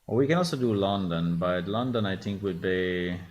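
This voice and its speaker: A man's voice: deep voice, animated, moderate pace, dull audio. A man, a game developer, thinking aloud in a casual dev vlog, hesitant with many restarts.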